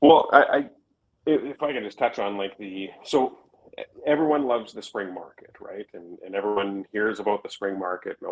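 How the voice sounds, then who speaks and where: A man's voice: on the low side, animated, brisk, highs cut off. A man co-hosting a podcast as a realtor, explaining things conversationally with everyday examples. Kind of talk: casual chat.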